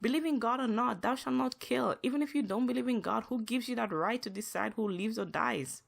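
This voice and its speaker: Woman ranting solo on her podcast, emphatic, keeps repeating herself, goes higher when worked up. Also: brisk, gravelly. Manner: emphatic, repetitive, rises in pitch when upset. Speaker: podcast host. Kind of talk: solo podcast monologue, venting.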